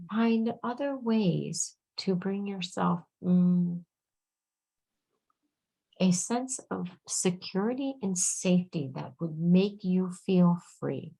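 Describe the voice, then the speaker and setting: A woman channeling on a video call, speaking slowly and soothingly as a collective "we", sometimes dropping to a hushed whisper. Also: mid-range voice, rough recording. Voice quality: creaky, husky, drifting into soft whispers. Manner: slow, soothing, speaks as a collective "we", often murmurs "dear one". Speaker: channel giving intuitive readings.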